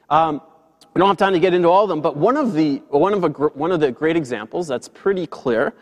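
High-voiced priest preaching in a hall. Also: male voice. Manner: emphatic, conversational preaching with light laughs. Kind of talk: sermon.

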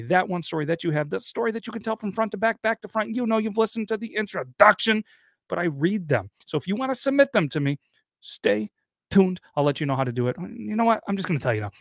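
A man's voice: high voice, gravelly, dry recording, studio quality. A man in his thirties hosting a podcast, reading a listener's story aloud and rambling off into chatty asides. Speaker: podcast host.

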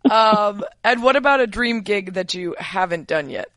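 A woman hosts a casual podcast interview and asks long, thoughtful questions. Her voice sits at a medium pitch. The sound is dry and close, with no room echo. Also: animated, normal speed, a bit bright. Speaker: podcast host.

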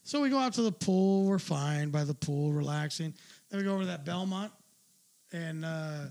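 This middle-aged talk show guest has a fairly high, slightly mellow voice and keeps a moderate pace. Chatting casually, he rambles through a lengthy anecdote, cursing without restraint and cracking himself up.

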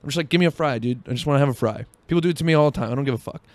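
A man's voice: mid-range voice, racing, no room sound. A young man hosting a podcast, telling a rambling, profane story in a casual monologue full of fillers, talking while driving. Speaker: podcast host.

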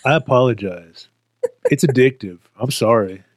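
A man's voice: mid-range voice, normal speed, no room sound, clean studio sound. A man co-hosting a podcast, reacting with amused interjections and short comments. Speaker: podcast co-host. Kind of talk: casual chat.

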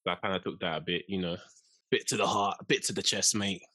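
A young man with a low, bright, forceful voice, animatedly telling a story and acting out quotes. He sounds recorded close and dry, with little room sound. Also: fast talker, no echo. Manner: animated storyteller, acts out quotes, laughs often. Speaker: podcast co-host. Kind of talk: casual storytelling chat.

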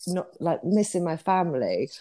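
A middle-aged woman from Bristol with a smooth, well-spoken English accent, chatting as a podcast guest and laughing often. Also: fairly low pitch, sing-song, normal speed, warm tone. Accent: soft English, well-spoken. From Bristol, England. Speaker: guest hairstylist. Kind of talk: casual podcast chat.

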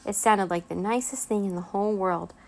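A woman reads a children's chapter book aloud as a bedtime story, gentle and expressive in her storytelling. Her voice has a gravelly, creaky texture at a middling pitch. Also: a little fast, slight background noise.

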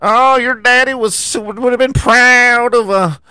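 A man imitating a high-pitched, gushing male race commentator who keeps marveling in disbelief. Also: steady tone, measured pace, pushed and bright, smooth, no room sound, exaggerated voice.

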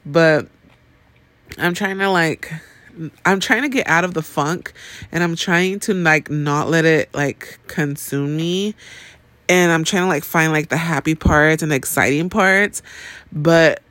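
A woman's voice: low voice, a little slow, fairly bright tone, no room sound. Venting woman, casual dry podcast talk. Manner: rambling, venting, swears freely. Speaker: podcast host. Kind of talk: casual chat. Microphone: podcast mic.

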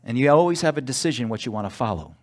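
A male pastor preaching a sermon in church, emphatic, pausing for call-and-response asides. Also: medium pitch, expressive, a little mellow.

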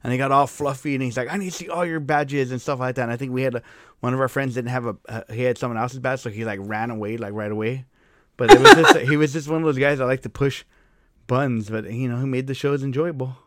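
A man's voice: medium pitch, fairly even intonation, fast talker, fairly bright tone, no room sound. A man hosting a casual chat and telling a long story, swearing freely and starting sentences over as he talks. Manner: rambling storyteller, swears freely, frequent restarts.

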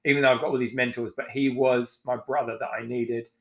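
A man in his forties speaks with raw frankness as a podcast guest and swears freely. His voice sits at an ordinary middle pitch. He slips into quick acted snippets of past conversations as he tells his story. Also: flat delivery. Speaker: podcast guest, executive chef.

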